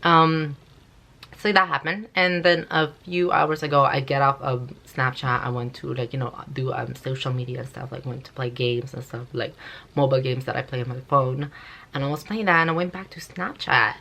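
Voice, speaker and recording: A woman's voice: extremely low pitch, fairly even intonation, moderate pace, gravelly, pushed and bright. A young woman vlogger telling a story casually, rambling and swearing, with constant "like"s. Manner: rambling, profane, full of "like".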